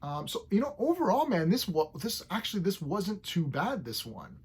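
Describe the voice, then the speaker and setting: A man reviewing comic books in a casual vlog, opinionated and ranting, who clears his throat often. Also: high voice, huge pitch swings, moderate pace. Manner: opinionated, ranting about story tropes.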